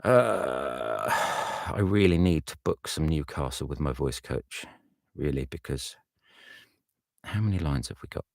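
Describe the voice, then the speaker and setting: Male audiobook narrator, very deep voice, gravelly, dry booth sound. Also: lively intonation, measured pace, dry recording. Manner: muttering thoughts aloud while working. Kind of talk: casual behind-the-scenes commentary.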